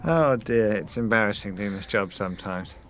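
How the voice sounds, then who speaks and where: A man's voice: on the low side, moderate pace, fairly bright tone, faint music behind. A man giving a casual DVD commentary, chatty and hesitant with fillers, laughing often.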